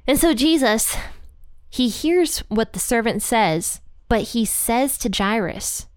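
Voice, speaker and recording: A woman's voice: on the high side, animated, takes it slowly, dry recording, clean studio sound. A woman giving a casual, chatty Bible commentary. She fills her talk with "like" and "you know" and laughs at parts of the story. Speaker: Bible teacher.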